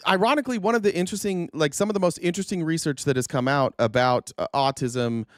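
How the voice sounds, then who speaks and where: A man's voice: a little high, fast, no room sound, studio quality. A man hosting a political commentary livestream, earnest and indignant, stumbling over restarts and losing his voice. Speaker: host.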